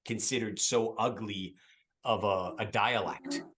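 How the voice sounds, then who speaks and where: A man's voice: fairly low pitch, fairly even intonation, a little slow, fairly bright tone, a little hiss or hum. A man in his fifties hosting a podcast, explaining his views reflectively and at length. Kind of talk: casual podcast chat.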